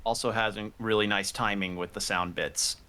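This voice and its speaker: A man's voice: lowish voice, fairly even intonation, moderate pace, sharp tone, clear, resonant tone. An American man with an American accent, chatting casually on a stream in a jokey, rambling way. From United States. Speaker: stream co-host.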